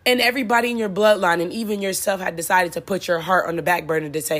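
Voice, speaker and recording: Fast and with few pauses, a woman with a lowish, steady, fairly bright voice preaches motivation. This spiritual speaker is blunt and foul-mouthed, echoing lines for effect and laughing at her jokes.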